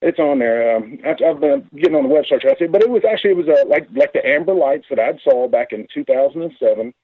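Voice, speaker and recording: A man calling in to a radio talk show, telling his story in a rambling, halting, excited way. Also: a little high, husky, dry recording. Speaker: caller. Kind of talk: casual phone-in story. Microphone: phone. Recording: tinny phone line.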